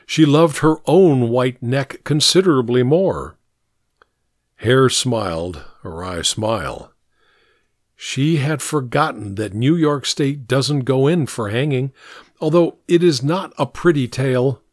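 A man narrating an audiobook in an expressive storytelling manner, recorded close to the mic. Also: mid-range voice, slow, dry recording.

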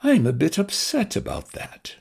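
A bewildered Englishman with a plummy, nasal voice, put on by a male audiobook reader, pitched well above the reader's own. The voice sounds husky. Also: huge pitch swings, measured pace, a little mellow, exaggerated voice.

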